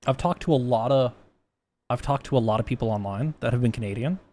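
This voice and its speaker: Fast and a little mellow at medium pitch, this man streams himself coding. He chats loosely, swears, rambles and keeps breaking off to restart what he's saying.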